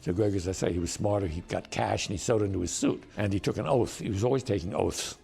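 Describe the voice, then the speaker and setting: A man's voice: sits low, fast, gravelly, warm tone, slightly rough. An older man, a screenwriter, telling amused, wry anecdotes in a documentary interview.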